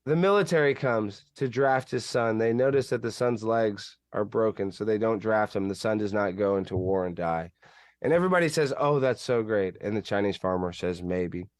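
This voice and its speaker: A man's voice: lowish voice, normal speed, dry recording, clean studio sound. A man guesting on a talk radio show, rambling animatedly as he tells a story. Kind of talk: casual talk-radio banter.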